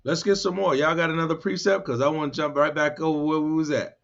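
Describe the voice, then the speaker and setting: A man leading a bible study, reading verses slowly and then explaining them in loose, animated street talk. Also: a little high, vocal fry. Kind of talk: scripture study teaching. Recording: dull lo-fi sound.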